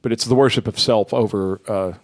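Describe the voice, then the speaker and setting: A man's voice: on the low side, steady tone, fairly quick, dry recording. Rambling, swearing man on a podcast. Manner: rambling storyteller, swears freely. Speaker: podcast co-host. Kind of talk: casual podcast chat.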